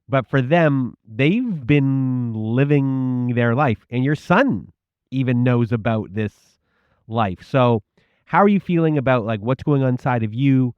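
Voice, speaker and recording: A man hosting an interview, asking gentle, searching questions. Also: mid-range voice, no echo. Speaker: podcast host. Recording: dull lo-fi sound.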